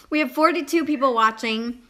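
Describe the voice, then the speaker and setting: A woman's voice: high voice, normal speed, bright, forceful tone, a little hiss or hum. Giggly woman hosting a livestream. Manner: giggly, reads chat comments aloud. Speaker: livestream host. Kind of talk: casual livestream chat.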